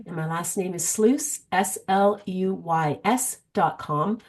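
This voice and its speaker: A middle-aged woman, a guest coach, talking in an animated, storytelling way during an interview. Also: on the low side, slow pace. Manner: animated, storytelling, frequent restarts. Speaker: guest, vision board coach. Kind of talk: conversational interview.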